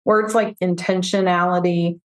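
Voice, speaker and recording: A woman, a financial therapist, talking through her approach in a relaxed podcast conversation, often giving examples and voicing her clients. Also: fairly low pitch, moderate pace, echoey room. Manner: reflective, explains with examples and quoted client voices.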